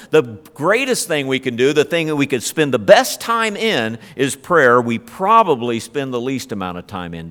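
A man's voice: fairly high pitch, a bit bright. A man preaching a sermon in a conversational way, asking his listeners questions as a pastor. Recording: long hall reverb.

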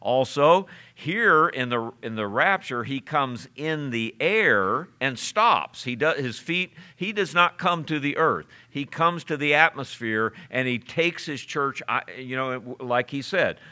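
Male pastor, middle-aged, mid-pitched and bright, chatty sermon delivery. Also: expressive, unhurried, hardly any pauses. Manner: conversational preaching with fillers and chuckles.

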